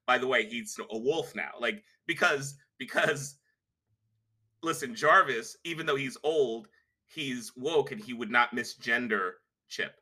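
A man's voice: medium pitch, measured pace, pushed and bright. A man hosting a podcast, chatting casually in a rambling, jokey way with many fillers. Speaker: podcast host. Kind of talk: casual chat.

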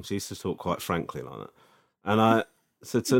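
A man in his forties co-hosting a casual podcast, telling animated, self-mocking stories. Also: fairly low pitch, normal speed. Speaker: podcast co-host. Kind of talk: casual chat.

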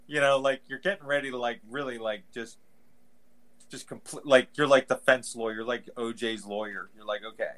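A man's voice: mid-range voice, steady tone, normal speed, fairly bright tone. A man co-hosting a podcast, talking casually with lots of "like" and playing up mock quotes. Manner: rambling, heavy use of "like", exaggerated mock quotes. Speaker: podcast co-host. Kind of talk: casual chat.

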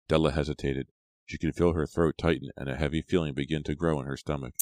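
A man reading a storybook aloud in a steady, even way, his voice very deep. The sound is close and dry, with no room around it. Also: a little fast, dry recording. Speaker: audiobook narrator. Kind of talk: scripted narration.

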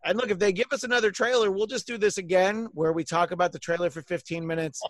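A man's voice: high voice, steady tone, fast, a bit bright, no echo, studio quality. A man hosting a podcast, wrapping up a casual chat and rambling with many ums and uhs. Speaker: podcast host.

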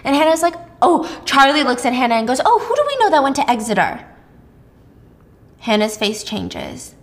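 A woman casually retelling a thriller's plot, animated and chatty, with frequent asides and the odd swear word. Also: high voice, moderate pace. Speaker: storyteller host. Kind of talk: casual storytime recap of a thriller.

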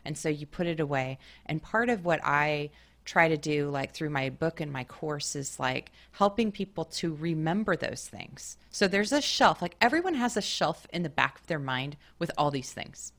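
Woman podcast host, slightly low voice, chatty and upbeat, acts out her thoughts. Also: lively intonation, moderate pace, fairly bright tone. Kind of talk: casual interview chat.

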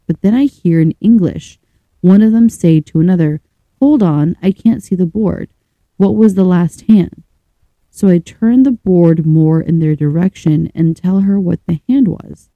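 A woman co-hosting a podcast, chatting casually, reading stories aloud and thinking out loud with fillers and restarts. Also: low-pitched, no echo, phone-quality sound. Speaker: podcast co-host.

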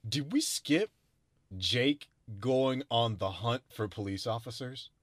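A man in casual conversation about a movie, recapping scenes with swearing and excited reactions as a co-host. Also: takes it slowly, no room sound, studio quality. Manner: expressive, swings between loud excitement and low recaps. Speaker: podcast co-host. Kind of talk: casual movie review chat.

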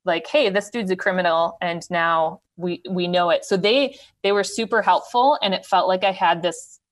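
A woman guest telling a candid, animated story in casual conversation. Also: fairly low pitch, moderate pace. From Wisconsin. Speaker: podcast guest.

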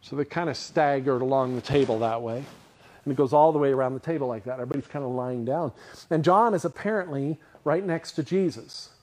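A man's voice: medium pitch, brisk. A man preaching a sermon in a conversational style, asking his listeners questions and picturing scenes for them. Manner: conversational, animated, asks the audience questions. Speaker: pastor.

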